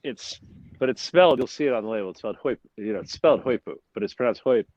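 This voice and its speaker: A man, a brewery owner, chatting as a guest and telling animated jokey stories over a phone. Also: mid-range voice, rapid-fire, no echo. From United States. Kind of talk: casual chat over a phone line. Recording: muffled dry phone-call audio.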